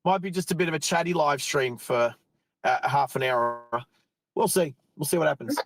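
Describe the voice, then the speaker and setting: A middle-aged Australian man with a fairly high voice talks casually to his viewers from a parked car. He rambles, breaks off mid-thought and comes back to it. The sound is close and dry, with no room echo. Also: normal speed. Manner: chatty, rambling, self-interrupting. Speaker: live-stream driving host. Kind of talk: casual live-stream chat. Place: parked car on an outback roadside.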